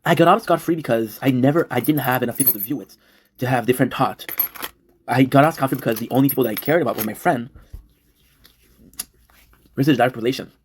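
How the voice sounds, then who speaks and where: A man's voice: mid-range voice, fast talker, long pauses, a little hiss or hum. A man in his thirties on a livestream, telling a story at length, emotional and swearing, repeating himself. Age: 30s. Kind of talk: rambling confessional livestream talk.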